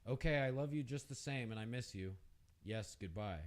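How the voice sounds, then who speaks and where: A man reading a short story aloud on a radio show, lifting his voice for the women's lines. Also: normal speed. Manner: reads aloud, raises pitch for the women's lines. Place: radio studio.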